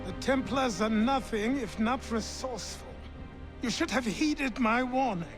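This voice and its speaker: An actor playing a stern, gruff old male mentor in a video game, speaking slowly and gravely with reproach. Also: very high voice. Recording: distant voice over game music.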